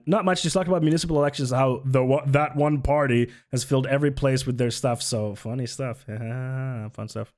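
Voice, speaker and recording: A man's voice: medium pitch, a little mellow. A young man streaming casual political commentary, sarcastic and sweary, laughing often and reading chat aloud.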